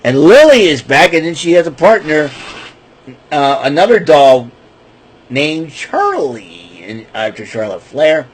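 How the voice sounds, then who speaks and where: A man's voice: on the high side, big pitch swings, unhurried, slightly rough. Rambling man recapping wrestling, upbeat. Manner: rambling, stumbles over names, laughs at his own jokes. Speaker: podcast host.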